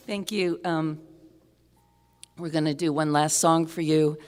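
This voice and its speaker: A tired woman singer-songwriter chatting between songs at a live concert, rambling and halting with many filler pauses and wry self-mocking humor. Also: deep voice, fairly even intonation, a little mellow. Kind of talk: stage banter between songs. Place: live concert stage in a hall. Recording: live concert hall reverb with band music.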